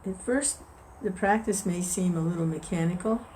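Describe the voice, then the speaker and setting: Low-voiced woman giving a spiritual talk. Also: normal speed, darkish tone, a little hiss or hum, rough recording. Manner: conversational, restarts, chuckles. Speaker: devotional discussion leader. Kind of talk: informal spiritual talk with storytelling.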